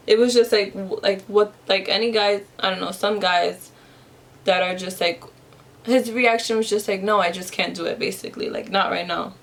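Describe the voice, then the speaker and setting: A woman's voice: medium pitch, creaky. A young woman telling a personal story while she does her makeup, rambling casually with lots of fillers and restarts. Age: young adult. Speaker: vlogger. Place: at home, in front of a camera.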